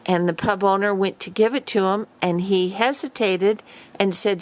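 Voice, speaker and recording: A woman's voice: mid-range voice, measured pace, dry recording. A woman vlogger casually telling a story to camera, rambling with many fillers and restarts.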